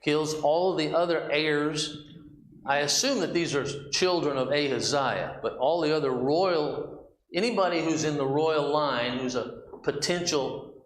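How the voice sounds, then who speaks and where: A man's voice: a little high, a little slow, echoey room, rough recording. A man teaching a Bible study class, asking questions and reading scripture aloud in a conversational way. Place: church classroom.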